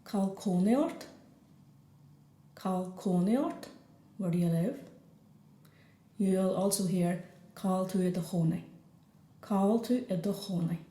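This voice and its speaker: A woman with an Irish accent teaching a beginner language lesson, saying each phrase slowly and repeating it. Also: mid-range voice, mellow, reverberant.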